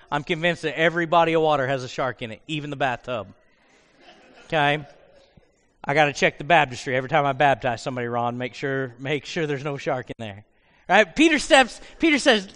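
A high-voiced male pastor preaches in an animated, storytelling way and slips into acted-out voices. His voice carries a long reverb from the church hall. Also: normal speed. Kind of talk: sermon. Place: church sanctuary.

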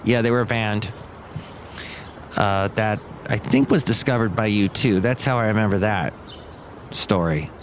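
A man's voice: fairly low pitch, measured pace, long pauses. A man hosts a podcast in a loose, chatty monologue. He drifts from one thought to the next, trailing off and correcting himself. A faint hum sits behind his voice. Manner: digressive, trailing off and self-correcting. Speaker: podcast host. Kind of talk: casual rambling monologue.

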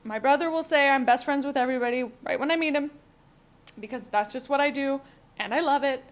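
A woman's voice: high voice, fairly quick. A young woman talking candidly on her own podcast, rambling and swearing freely as she thinks aloud. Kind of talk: casual solo podcast monologue.

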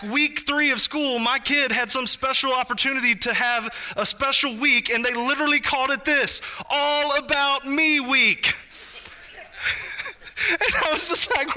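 Male pastor, thirties, high bright voice, animated conversational sermon. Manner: animated, conversational preaching with asides to the congregation.

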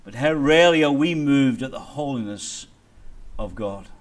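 A man preaching a sermon as pastor, reading scripture and building to loud dramatic peaks before dropping low. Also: lively intonation, moderate pace. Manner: dramatic preaching with big swings in loudness.

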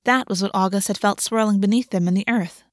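A woman narrating a fantasy novel in an even, measured reading. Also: mid-range voice, no echo, clean studio sound. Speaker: audiobook narrator.

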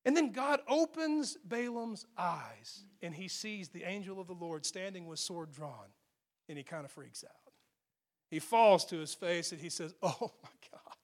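A man with a notably high voice preaching a sermon. He retells a Bible story like a storyteller, animated and quick to joke. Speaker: pastor.

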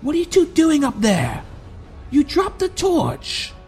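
A male narrator voicing a panicky male gate guard who shouts up at the tower in a much higher, strained voice. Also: huge pitch swings, takes it slowly, faint music behind, full character voice. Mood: alarmed shouting.

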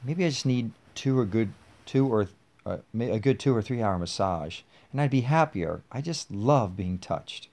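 A soft, breathy young woman, wistful and restless, as a man reads her lines aloud. The voice sits low and gentle. She talks in short, unhurried phrases. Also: expressive. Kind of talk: reading a text dialogue aloud.

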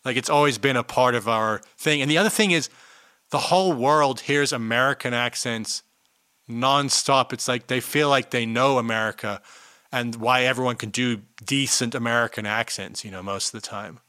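A man co-hosting a podcast, talking with loose enthusiasm and plenty of swearing. His voice is bright and forward, and the recording is dry and close. The tone is casual chat among friends. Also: medium pitch, normal speed, clear, resonant tone, no echo. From South Africa. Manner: enthusiastic, swears freely, many fillers. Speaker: podcast co-host.

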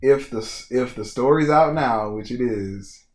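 A man's voice: medium pitch, a little slow. A man co-hosting a casual comedy podcast, laughing and riffing on his co-host's jokes and swearing freely. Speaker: podcast co-host. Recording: echoey room with faint noise.

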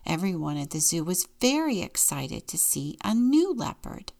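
A woman deacon reading a children's picture book aloud in a gentle, unhurried storytelling manner. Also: lowish voice, big pitch swings, vocal fry.

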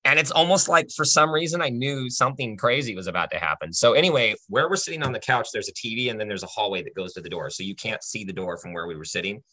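Bright-voiced man telling a personal faith story. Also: on the low side, fast talker, hardly any pauses, no echo. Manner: earnest, conversational, often adds "right?".

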